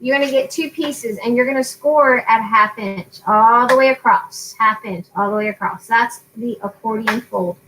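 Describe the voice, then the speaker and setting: Woman, forties, casual craft-channel host, high-ish voice, rambling and warm, faint background noise. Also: normal speed, hardly any pauses, poor audio. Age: 40s. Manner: chatty, laughs often, drifts off topic. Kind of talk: casual livestream craft tutorial.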